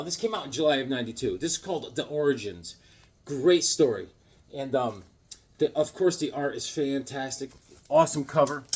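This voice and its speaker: A man's voice: on the high side, breathy edge. A man chatting casually in a comic haul vlog, laid-back and full of slang. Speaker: comic book collector.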